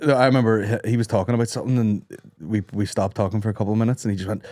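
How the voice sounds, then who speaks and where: A man's voice: fairly low pitch, fairly even intonation, racing, mellow, dry recording, studio quality. A man in his thirties hosting a comedy podcast, chatting casually, swearing and breaking into silly voices. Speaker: podcast host.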